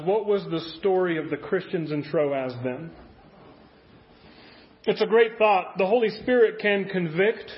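A man's voice: high voice, lo-fi sound. A man preaching a conversational sermon as a pastor, full of rhetorical questions.

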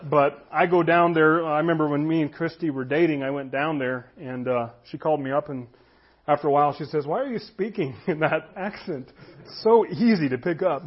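A man's voice: a little high, brisk, husky, dull audio. A pastor preaching a conversational sermon, reading scripture aloud and telling stories to his congregation. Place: church room with congregation.

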